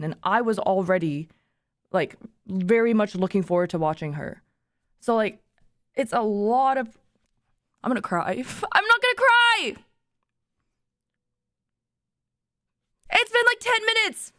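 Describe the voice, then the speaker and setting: A young woman streamer chats emotionally with her viewers in a medium-pitched voice, rambling and restarting as she drifts between tears and laughter. The recording is clean studio sound with no echo, made in a room treated with acoustic panels.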